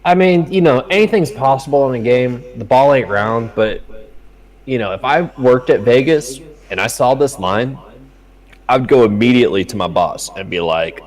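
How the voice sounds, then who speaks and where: On a low-quality recording, a young podcast co-host with a medium-pitched voice and moderate pace chats about sports betting. He swears a lot and tells his stories with animation.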